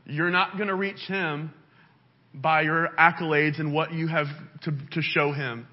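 A man's voice: steady tone, a little slow. Impassioned preacher man, lo-fi sound. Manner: impassioned, pitch rising and falling widely. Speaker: pastor. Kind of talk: sermon. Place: church sanctuary. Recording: dull lo-fi sound.

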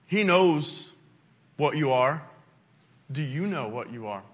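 A male pastor delivering a sermon in a church, with an impassioned delivery that swings up and down in pitch. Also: animated, slow pace. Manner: impassioned, pitch rising and falling widely. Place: church sanctuary. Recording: dull lo-fi sound.

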